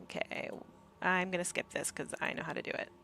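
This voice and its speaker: Bright, chatty woman playing a game. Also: on the low side, fairly even intonation, a little fast, vocal fry. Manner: chatty, self-mocking asides. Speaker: gaming streamer. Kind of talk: casual gameplay commentary.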